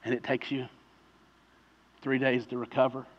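A man preaching a sermon in a conversational way, telling vivid stories and building to loud pleading peaks. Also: mid-range voice, little pitch movement, moderate pace, lo-fi sound. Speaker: pastor.

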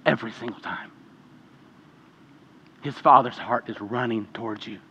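A man preaching a sermon as pastor, impassioned and swinging between hushed and loud passages. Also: medium pitch, normal speed, husky, muffled recording. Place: church sanctuary. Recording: long hall reverb.

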